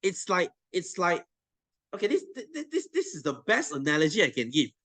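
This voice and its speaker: A man's voice: high voice, huge pitch swings, moderate pace, fairly bright tone, dry recording. A young adult man with a Malaysian English accent, teaching a science class in a blunt, swearing, teasing rant to his students. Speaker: science tutor.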